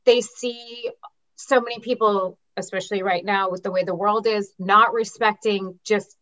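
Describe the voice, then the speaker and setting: A woman chatting casually among friends, with her thoughts winding and circling back as she talks. Her voice sits at an ordinary middle pitch. It comes through dull and lo-fi, as if the mic is slightly muffled. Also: fairly even intonation, normal speed, a bit bright. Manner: rambling, thinks aloud with restarts. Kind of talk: casual group chat. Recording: dull lo-fi audio.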